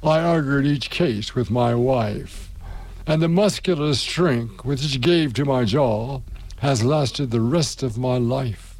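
A man reading the part of a stubborn, gruff old father, drawing his words out slowly. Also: mid-range voice, a little mellow. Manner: slow and drawn out.

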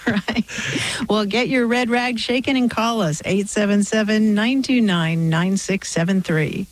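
A woman's voice: medium pitch, a little slow, poor audio. A woman co-hosting a radio show about words, chatting casually, quoting old sayings and laughing often.

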